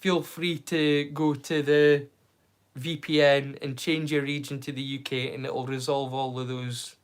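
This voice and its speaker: A man's voice: mid-range voice, level tone, unhurried, clean tone. A man from the far north of the UK, hosting a casual live watch-along stream in a rambling, chatty way with frequent restarts.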